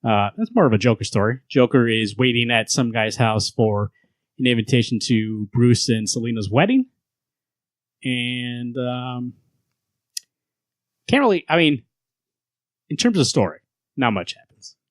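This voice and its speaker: A man's voice: medium pitch, unhurried, long pauses, no echo. A man hosting a casual comic book podcast, retelling scenes in a rambling way and laughing as he goes. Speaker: podcast host.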